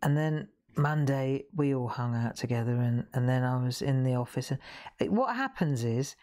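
A woman in her 60s hosts a live craft show, chatting as she works in a rambling, self-interrupting way that often breaks off mid-sentence. Her warm voice rumbles low, with lively intonation and a moderate pace.

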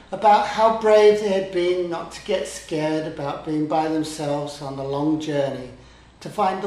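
A man telling his own children's story in a gentle, unhurried manner. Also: sits high. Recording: echoey room.

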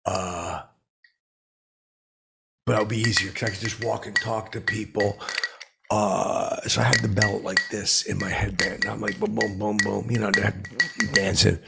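A man telling a rambling comic anecdote, halting and full of fillers, with blustering asides. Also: on the low side, creaky. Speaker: storyteller.

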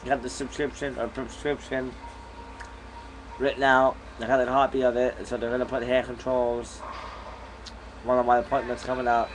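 A man's voice: medium pitch, flat delivery, normal speed, pauses often, slight background noise, rough recording. A young man casually vlogging from a bedroom at home, rambling in an easygoing way while chewing gum, recorded on a camera mic. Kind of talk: casual vlog chat.

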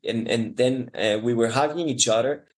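A man's voice: medium pitch, normal speed, rough recording. Ecuadorian guy w spanish accent, mountain guide guest, heartfelt rambling storytelling. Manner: warm, emotional, frequent restarts and laughs. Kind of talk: storytelling interview answer.

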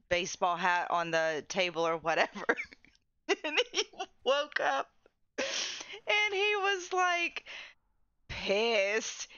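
A woman's voice: mid-range voice, pushed and bright, smooth, no room sound. A woman live streamer telling a funny story in casual chat, often laughing mid-sentence, on a dull lo-fi stream mic.

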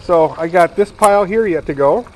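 A retired man in his sixties vlogs from his home kitchen, chatting casually and rambling to viewers as he cooks. His voice is high-pitched, his speed normal, and the audio poor.

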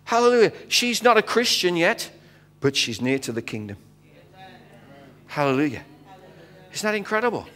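A man's voice: sits high, moderate pace, long pauses. British man preaching in a reverberant church. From Britain. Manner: animated storyteller acting out dialogue, frequent fillers. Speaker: guest missionary speaker. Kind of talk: storytelling sermon. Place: church sanctuary. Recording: long hall reverb.

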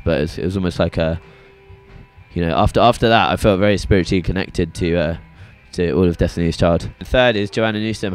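Young man, low voice, rambling casual chat, faint music behind. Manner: rambling, hesitant, full of restarts. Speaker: shop visitor sharing records. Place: record shop in a venue.

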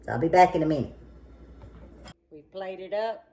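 A woman, chatting folksy and warm to her viewers while she cooks in her kitchen. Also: fairly low pitch, animated, moderate pace. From southern United States. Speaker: home cooking vlogger. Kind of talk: casual cooking demonstration. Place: home kitchen at the stove.

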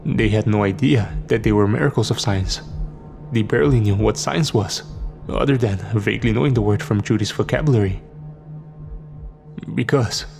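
Male horror narrator, gravelly tone, soft music under. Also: lowish voice, a little fast. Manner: steady dramatic storytelling.

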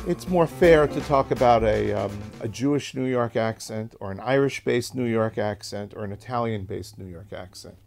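Gravelly man explaining speech patterns. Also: fairly low pitch, a little mellow, soft background music. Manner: measured, explanatory. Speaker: interviewee explaining accents. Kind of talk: documentary interview.

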